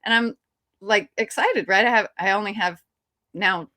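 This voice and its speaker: A woman at a middle pitch recounts a story from a film set as an interview guest. She talks in an animated, chatty way and often restarts her sentences. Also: normal speed, no room sound, studio quality.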